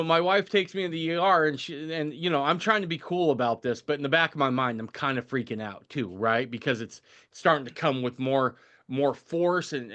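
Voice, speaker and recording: Bright-toned male podcast host. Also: on the high side, lo-fi sound. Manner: animated, often tags sentences with "right?". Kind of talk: casual storytelling.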